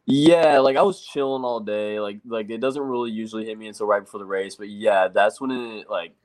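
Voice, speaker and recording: A man's voice: lowish voice, brisk, a little mellow. A young man, a race driver being interviewed, telling his story casually and quoting himself with lots of "like". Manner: rambling, quotes himself with lots of "like". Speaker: race truck driver guest.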